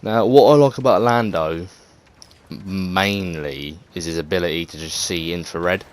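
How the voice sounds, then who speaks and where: English guy, very low voice, loose and unscripted game commentary, swears and hesitates a lot. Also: a little slow. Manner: rambling, hesitant, lots of fillers and swearing. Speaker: gaming video creator. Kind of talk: casual gameplay commentary.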